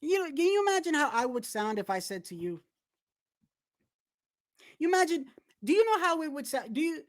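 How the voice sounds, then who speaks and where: A woman hosting a boxing channel livestream, ranting in animated, profane, slangy talk full of restarts. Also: sits high, normal speed, no room sound, clean studio sound. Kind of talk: casual livestream commentary.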